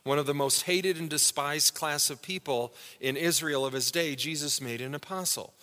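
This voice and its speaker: A male pastor with a bright, ringing voice pitched a little high, preaching to his congregation in a relaxed, conversational way. He stops to quiz the pews with quick questions. His voice carries through a church sanctuary with a long echo. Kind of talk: sermon with Bible word study.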